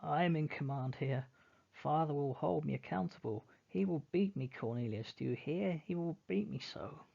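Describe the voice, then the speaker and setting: A man's voice: mid-range voice, measured pace, creaky, husky, lo-fi sound. A man voicing a pompous, bossy elder brother who plays at giving military commands. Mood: frantic.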